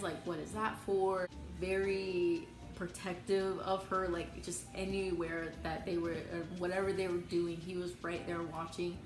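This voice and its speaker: A young adult woman chatting in a relaxed way, filling her casual storytelling with "like" and "you know". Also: fairly low pitch. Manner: relaxed, chatty, many fillers. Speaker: vlogger telling her birth story. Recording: echoey room with clear background music.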